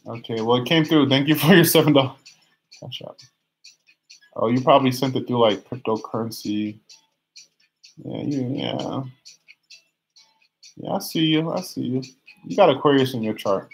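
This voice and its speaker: A young man with a gravelly, mid-range voice gives live tarot readings on a stream, chatty and teasing as he reads viewer comments aloud. He often restarts his phrases, draws words out and sometimes sings a line.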